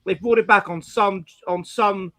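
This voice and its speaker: A middle-aged English man hosting a casual live-stream chat, animated, with frequent restarts and playful mimicry. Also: high-pitched, measured pace. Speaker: host.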